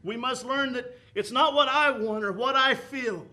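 A man's voice: very high voice, a little slow, sharp tone. A man preaching a sermon with an impassioned, rising and falling cadence, quoting scripture.

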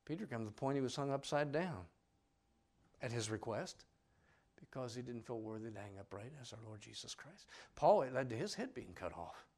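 A man preaching a sermon, swinging between loud cries and hushed lines and acting out the people in his story. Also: medium pitch, lively intonation, normal speed. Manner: acts out voices of the people in the story.

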